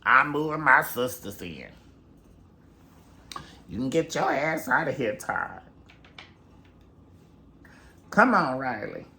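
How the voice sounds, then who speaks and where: A man doing a loud, bossy mother. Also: medium pitch, very animated, slow pace, vocal fry, long pauses, a little hiss or hum, voice pushed up, full character voice. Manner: shouting orders, brash. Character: bossy loud mother of a cast member, a woman.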